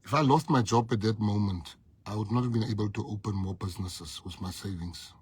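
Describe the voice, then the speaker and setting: A man's voice: fairly low pitch, a little fast, darkish tone, slightly rough. A South African man and party leader telling a personal story in a speech, emphatic and repeating lines for effect.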